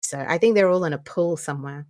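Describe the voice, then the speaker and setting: A woman's voice: on the low side, fast, no room sound, clean studio sound. A woman from New Zealand with a mixed New Zealand and Australian accent, chatting as a guest and swearing freely. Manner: animated, swears freely, laughs often. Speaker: guest streamer. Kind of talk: casual interview chat.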